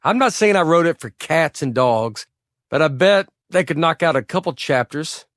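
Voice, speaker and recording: A man with a Southern US accent, from Tennessee, narrating his own humorous audiobook in a laid-back, deadpan way. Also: on the high side, normal speed, dry recording, clean studio sound.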